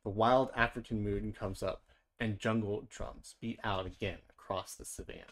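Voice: mid-range voice, steady tone, moderate pace. Playful storybook reader. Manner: gentle, chatty, playful. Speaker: children's book reader. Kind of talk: storybook read-aloud with chatty asides.

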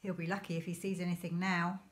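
A woman voicing a cheerful father in a storybook reading, speaking in a gentle, wry manner. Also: on the low side, level tone, fast, close to an everyday voice. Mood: happy. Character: cheerful father, calm and playful man.

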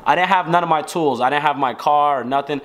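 A young male vlogger from Georgia in the US chats to the camera at home, his voice a little high, fairly bright, and quick. He rambles in slang and keeps restarting his sentences.

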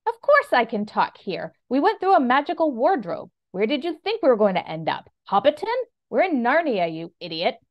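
A woman's voice: on the high side, wildly swooping pitch, unhurried, few pauses, heavily acted. A woman voicing a disdainful talking male cat who sneers at his companions, on a dull lo-fi recording. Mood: scornful. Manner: sneering, scornful.

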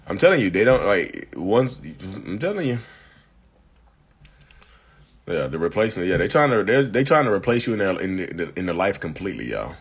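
A man with a low, breathy voice hosts a casual live chat, reading viewer comments and answering bluntly. Chatty and calling viewers "y'all," he's getting over an illness and still coughing.

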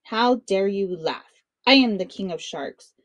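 A woman's voice: mid-range voice, animated, a little slow, natural voice. A woman voicing a boastful, hungry male king of sharks in a storybook read-aloud, gloating and then pleading. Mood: indignant.

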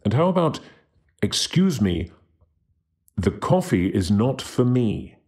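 A man giving a scripted language lesson who slowly and carefully demonstrates how to pronounce each word. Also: mid-range voice, sing-song, dark tone. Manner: slow, careful demonstration of pronunciation. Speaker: language teacher.

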